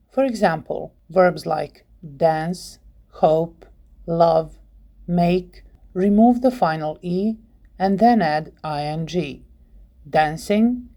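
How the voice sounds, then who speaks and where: A woman narrating a scripted English grammar lesson as the teacher, reading out example words one at a time in a slow, deliberate way. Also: on the low side, dark tone.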